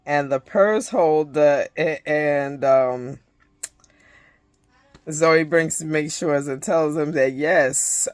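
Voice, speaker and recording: A woman's voice: deep voice, no echo. A woman giving a casual, profane recap of a reality show episode, retelling scenes animatedly with many restarts. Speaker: reality TV reviewer.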